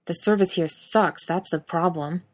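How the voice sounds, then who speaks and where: A woman's voice: lowish voice, a little slow, darkish tone. A woman voicing a rude demanding male customer. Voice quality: gruff, snapping.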